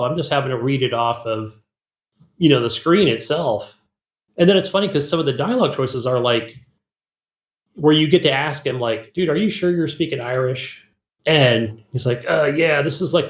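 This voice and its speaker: Male podcast co-host, mid-pitched, chatty storyteller who laughs a lot and acts out lines; roomy echo. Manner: rambling storyteller, laughs often, acts out game dialogue. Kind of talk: casual gaming chat.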